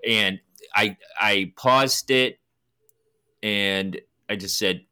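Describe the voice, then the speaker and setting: A man's voice: fairly low pitch, drawn-out words, sharp tone, smooth. A man co-hosting a podcast, chatting casually and animatedly about a film, swearing freely and acting out scenes. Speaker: podcast co-host.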